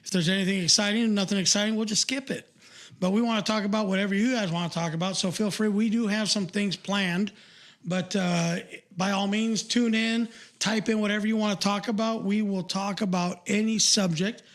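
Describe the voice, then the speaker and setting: A man's voice: high voice, fairly even intonation, fairly quick. An older man co-hosting a podcast, chatting casually and rambling with lots of fillers and restarts. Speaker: podcast co-host.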